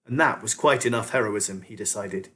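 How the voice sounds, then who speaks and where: A man reading a children's novel aloud as a teacher, expressive storyteller. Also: lowish voice, normal speed.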